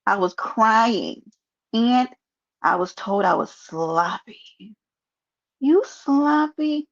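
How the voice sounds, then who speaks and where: New lady on a live stream, raspy fry in her voice, joking with chat, kinda dull lo-fi sound. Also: medium pitch. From New York. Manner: playful, joking, talks straight to her chat. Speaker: livestreamer. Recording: muffled lo-fi stream audio.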